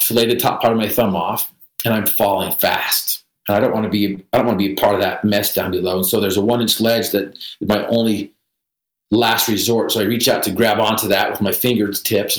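Man, somewhat low voice, vivid storyteller, self-deprecating jokes, echoey room. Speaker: podcast guest. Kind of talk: personal storytelling in an interview.

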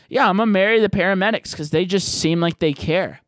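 A man's voice: sits high, normal speed, long pauses, fairly bright tone, no echo, clean studio sound. A man hosting a podcast, answering voicemails in a rambling, profane, jokey way. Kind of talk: casual podcast chat.

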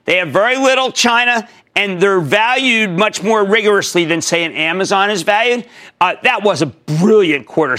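A male TV market show host delivers emphatic, punchy market commentary, swinging between loud bursts and low mutters.

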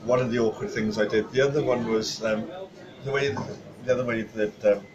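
A man's voice: mid-range voice, steady tone, brisk, highs cut off. A man, a podcast guest, telling stories in a chatty way with lots of fillers and restarts. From Wales. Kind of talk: casual chat. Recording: crowd chatter behind.

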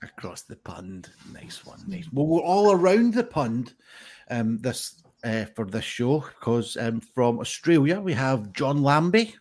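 A man's voice: medium pitch, big pitch swings, measured pace, darkish tone. A man hosting a live-streamed pun contest in a chatty, rambling way, with lots of ums, over a video call. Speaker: game show host.

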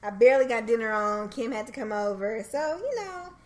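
A woman's voice: fairly high pitch, lively intonation, fairly quick, darkish tone. A woman in her thirties, a podcast co-host and new mother, chatting casually with many fillers and easy laughter. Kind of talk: casual chat.

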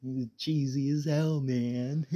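Mellow, rambling stoned man podcasting. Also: mid-range voice, level tone, measured pace, lo-fi sound. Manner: rambling, laid-back, swears a lot, stammers and restarts. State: high on weed. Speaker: podcast host. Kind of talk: casual solo podcast monologue.

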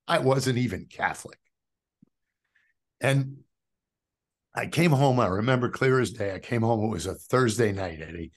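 A middle-aged man from New York, a podcast guest telling his personal faith testimony as an animated storyteller who calls the host brother. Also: mid-range voice, moderate pace, long pauses. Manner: animated storyteller who acts out quoted dialogue.

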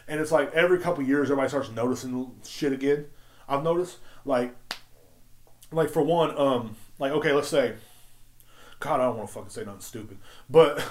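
A man hosting a solo podcast, ranting in a heated, rambling and profane way. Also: medium pitch. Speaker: podcast host.

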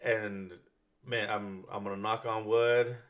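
Rambling man, low-pitched. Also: level tone, measured pace, a bit bright. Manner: rambling, profane storytelling with many fillers and restarts. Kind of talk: casual chat.

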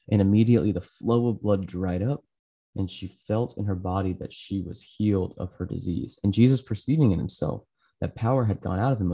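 A man hosting a channel, reading a Bible chapter aloud in a steady, earnest way with small slips. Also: sits low, slightly rough. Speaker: scripture reader, channel host.

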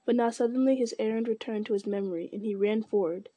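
A woman reading an audiobook in a measured narrating voice, with occasional slips. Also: on the high side, dark tone.

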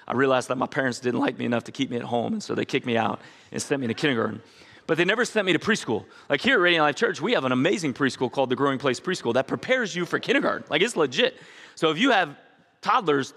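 Pastor guy in his 40s, bright edgy voice, preaching in a big echoey church hall. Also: on the high side. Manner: storytelling, joking asides, rising to near-shouts. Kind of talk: sermon.

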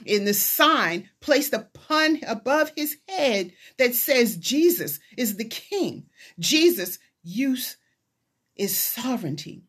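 A woman's voice: on the high side, slow pace, slightly rough. A woman chaplain preaching a sermon, retelling scripture and acting out the voices of the people in it. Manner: retelling scripture with dramatized voices, rising to excited pleas.

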